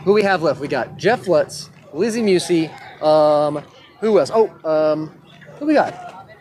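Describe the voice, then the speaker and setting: A man's voice: fairly high pitch, lively intonation, unhurried, a little mellow, slight background noise. A man, casually hosting a drag racing livestream, joking and chatty with loose fillers. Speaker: livestream host. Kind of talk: casual live event hosting. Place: outdoor drag strip. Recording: echoey outdoor track with crowd. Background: crowd at a race track.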